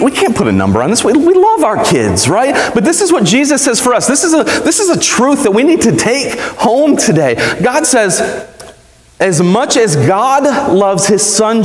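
A man's voice: a little high, echoey room, big-room sound. A young man preaching a live sermon in church, chatty and joking, putting questions to the congregation. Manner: conversational, asks the congregation questions, jokes. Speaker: pastor. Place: church sanctuary.

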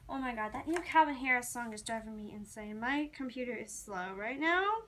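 A young woman chats to her viewers in a casual, rambling vlog. Her voice is bright and sits a little high, and she talks like an excited fan. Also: brisk. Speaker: vlogger. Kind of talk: casual chat to camera.

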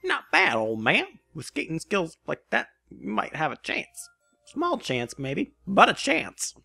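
A man's voice: fairly high pitch, wildly swooping pitch, unhurried, gravelly, pushed and bright, husky, soft background music, pitched above the performer's own voice, full character voice. A man putting on a cocky penguin. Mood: smug. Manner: taunting, mock-challenging. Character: cocky young male penguin, teasing skater.

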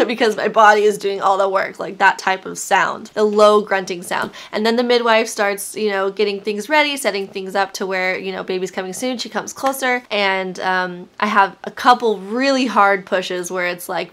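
A woman in her thirties telling a personal story on her vlog in a soft, heartfelt way, full of fillers. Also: mid-range voice.

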